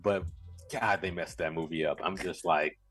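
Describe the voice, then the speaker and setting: A man's voice: sits low, moderate pace, no room sound, faint music behind. A man co-hosting a podcast, chatting casually and often restarting his sentences. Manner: stammering restarts, animated. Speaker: podcast co-host. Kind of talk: casual chat.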